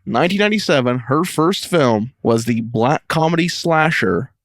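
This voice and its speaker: A man's voice: a little high, expressive, moderate pace, no echo, studio quality. A man co-hosting a podcast, chatting loosely about a movie with plenty of swearing and laughter. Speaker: podcast co-host. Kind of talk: casual movie commentary chat.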